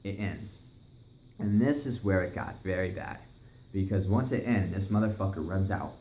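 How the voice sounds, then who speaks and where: Speaking at a moderate pace in a low voice, a young man relaxedly recounts a wild tale full of profanity, acting out other people's lines with animation. Faint noise sits in an echoey room.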